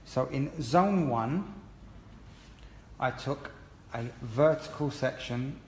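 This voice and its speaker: A man's voice: medium pitch, expressive, slow pace, a little hiss or hum. A man giving a chatty, encouraging live-streamed haircut tutorial, explaining each step as a hairdressing educator. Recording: roomy echo with long reverb and faint ambience.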